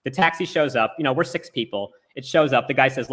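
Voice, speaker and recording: A man's voice: mid-range voice, a little fast, a bit bright. A man rambling through a story in casual chat over a remote call, with lots of "like" fillers. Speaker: storyteller on a talk show. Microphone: remote video call.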